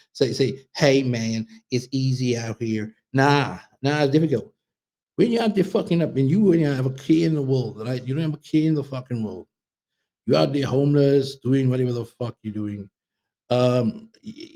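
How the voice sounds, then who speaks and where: Mellow-voiced man. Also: mid-range voice. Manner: rambling, profane, frequent restarts. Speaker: vlogger. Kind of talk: casual monologue.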